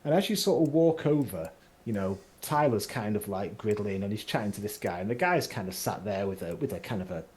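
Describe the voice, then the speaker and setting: Chatty game master, lively pitch. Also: male voice, brisk. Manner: chatty, descriptive, many fillers. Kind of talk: narrating a tabletop game.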